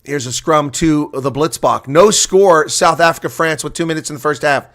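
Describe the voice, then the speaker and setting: Bright-voiced man calling live rugby. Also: fairly high pitch. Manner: rapid play-by-play, jumping to excited shouts on big plays; chatty asides to viewers. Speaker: rugby commentator. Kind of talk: live play-by-play reaction commentary.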